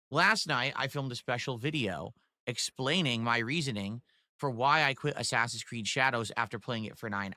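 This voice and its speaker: A man's voice: mid-range voice, sharp tone, no echo. A man rambling casually to his stream audience, with many fillers.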